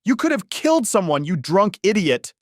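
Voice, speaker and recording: A man voicing an angry woman neighbor who shouts her words. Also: high voice, sing-song, normal speed, no echo, clean studio sound, pitched above the performer's own voice. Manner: shouting angrily.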